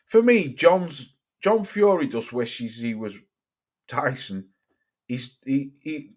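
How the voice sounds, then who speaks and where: A man, ranting casually and swearing while reacting to his live chat. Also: medium pitch. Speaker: streamer.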